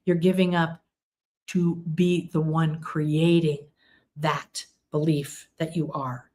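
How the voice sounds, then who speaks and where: A woman's voice: sits low, little pitch movement, takes it slowly, mellow. A middle-aged woman giving a motivational spiritual talk, earnest, stacking long repeated lists and acting out quoted pleas. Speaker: spiritual healing teacher.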